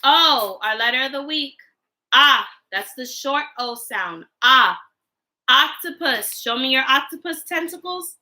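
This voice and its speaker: A woman teaching young children on a livestream, leading a sing-song alphabet warm-up. Her voice is high and bright, and she takes her time, acting out each word with playful sounds. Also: lively intonation, measured pace. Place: home livestream.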